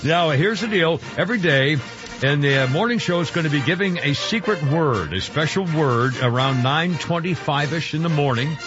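A man's voice: on the high side, lively intonation, moderate pace, over music. A man hosting a radio show, chatting casually in a rambling, jokey way with lots of fillers and restarts. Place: radio studio. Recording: dull lo-fi radio broadcast.

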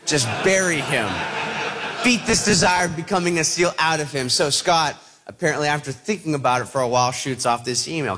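A man telling a personal story to an audience, animated, acting out the voices of the people in it. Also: on the high side, fairly quick.

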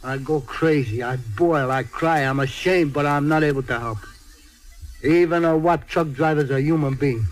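A man's voice: fairly high pitch, moderate pace, faint music behind, lightly acted. A man playing a weepy truck driver. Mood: confiding. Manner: emotional, pleading, stammering. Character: tearful hot-tempered Italian-American truck driver man. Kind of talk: stage or film drama acting.

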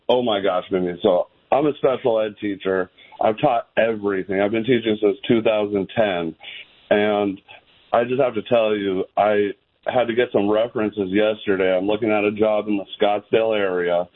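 Excited man calling in by phone. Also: fairly low pitch. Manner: enthusiastic, gushing. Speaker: caller. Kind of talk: call-in radio chat. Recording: phone line.

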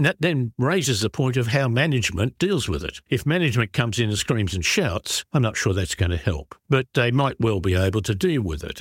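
A man's voice: medium pitch, no echo, studio quality. A man hosting a radio motoring show, chatting in an opinionated, musing way full of rhetorical questions. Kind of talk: conversational radio talk.

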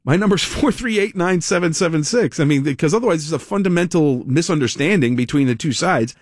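A man hosting a talk radio show, speaking in an animated monologue full of sarcastic asides and self-corrections. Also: a little high, brisk, husky, dry recording, studio quality. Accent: American. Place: radio studio. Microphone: studio microphone.

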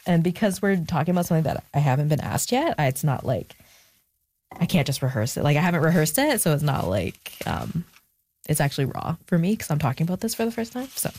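A woman's voice: deep voice, sing-song, fast talker, a little mellow, slight background noise. A young adult woman, an author being interviewed, talking reflectively with frequent fillers and restarts. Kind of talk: candid conversational interview.

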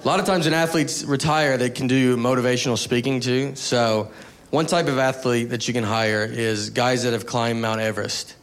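A man's voice: mid-range voice, steady tone, normal speed, some chatter behind. A man performing a stand-up comedy set, telling self-mocking stories in a laid-back way. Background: audience laughter.

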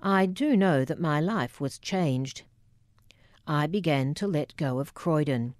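A woman narrating her memoir in a measured, deliberate, wry way. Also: low-pitched, expressive, a little mellow, no echo, studio quality.

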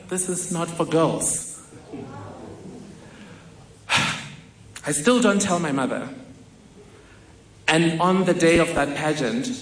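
A man's voice: fairly high pitch, fairly bright tone. A man from telling a vivid, self-mocking personal story on stage in a large hall. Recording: echoey hall with faint noise.

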